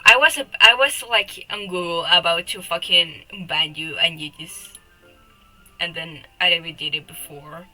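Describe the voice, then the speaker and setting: A woman's voice: lowish voice, normal speed, pushed and bright, faint music behind, poor audio. A young woman streaming live, chatting with her viewers, often giggling, teasing and swearing at her chat.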